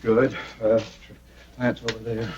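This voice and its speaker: An actor playing a pompous, flustered bank president who blusters and stammers, on a muffled old TV soundtrack. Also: male voice, fairly low pitch, monotone, takes it slowly, background noise. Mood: fussy.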